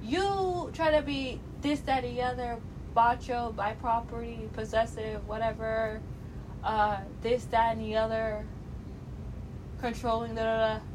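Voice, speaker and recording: A woman's voice: steady tone, measured pace. A young woman chatting casually on a vlog, giving blunt, rambling opinions about a reality show with lots of fillers and restarts. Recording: noticeable background noise with a low rumble.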